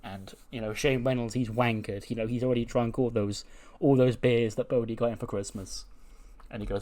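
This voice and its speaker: A man's voice: mid-range voice, steady tone, fairly quick, mellow. A man narrating a wrestling management playthrough in a casual, chatty way, full of "you know" asides. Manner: retells scenes by voicing quoted lines in his own voice. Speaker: game commentator.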